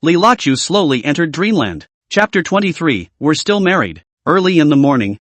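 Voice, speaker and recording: A man narrating a story recap in a steady, scripted storytelling manner. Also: fairly high pitch, no echo.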